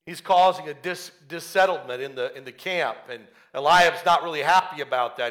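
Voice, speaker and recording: High-voiced, animated man preaching. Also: normal speed, hardly any pauses. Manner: animated storytelling, acts out characters. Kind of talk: sermon.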